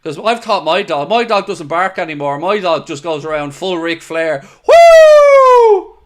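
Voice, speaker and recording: A man hosting a live football watchalong, excitable and blunt, swearing freely as he talks. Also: a little high, normal speed. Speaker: host of a fan watchalong.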